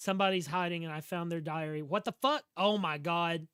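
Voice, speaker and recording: Young male streamer, Southern drawl, bright tone, rambling jokey patter. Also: on the high side, fairly quick, smooth, no room sound, clean studio sound. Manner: joking, rambling, talks back to chat; slurred drawl. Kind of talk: casual live-stream gaming chat.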